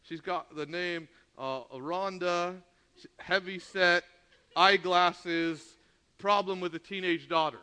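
A man's voice: high voice, takes it slowly, clear, resonant tone. A man preaching a sermon, telling a story with lots of laughter and acted-out dialogue. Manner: animated storytelling, laughing often, acting out dialogue. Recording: long hall reverb.

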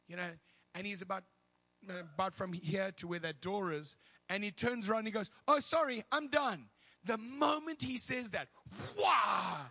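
A male preacher telling a story in a sermon, animated and laughing, with loud bursts of prayer. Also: high voice.

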